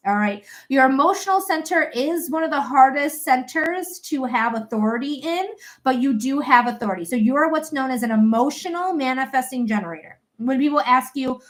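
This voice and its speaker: A young woman giving a live psychic reading in a chatty, blunt way, swearing casually. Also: high-pitched. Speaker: psychic reader.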